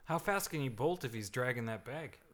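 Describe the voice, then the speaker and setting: A man's voice: mid-range voice, expressive, a little fast, fairly bright tone. A man chatting casually on a podcast, musing over a story. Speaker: podcast co-host. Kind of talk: casual chat.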